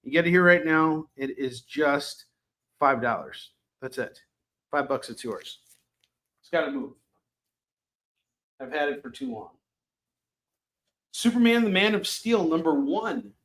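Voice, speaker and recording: Casual male stream host, a bit higher-pitched, sarcastic and chatty, talking up cheap comics live. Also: expressive, unhurried, pauses often, a bit bright. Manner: sarcastic, joking, chatty with many fillers. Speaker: live shopping show host selling comics.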